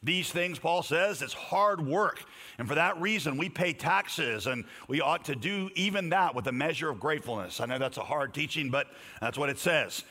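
A pastor delivers a sermon in a joking, conversational way, his voice rising for emphasis on each verse he reads. His tone is bright and a touch high. The sound carries a long reverb from the church sanctuary. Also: expressive, brisk, hardly any pauses.

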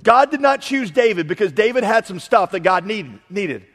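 A man preaching a sermon as pastor, animated and emphatic, varying his delivery for effect. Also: high voice, moderate pace. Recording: long hall reverb.

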